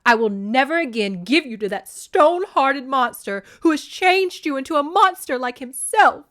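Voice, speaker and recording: A woman voicing a possessive, overbearing goddess mother who talks loudly and smothers her grown daughter. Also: a little high, very animated, unhurried. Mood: vengeful.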